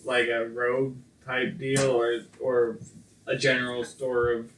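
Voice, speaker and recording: A man at a game table, slow and halting, stumbling as he feels out his question. He is heard from a distance in a roomy space with a faint hiss behind him. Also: medium pitch, completely flat delivery, a bit bright. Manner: halting, stammering. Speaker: player. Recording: echoey room, far from mic, faint noise.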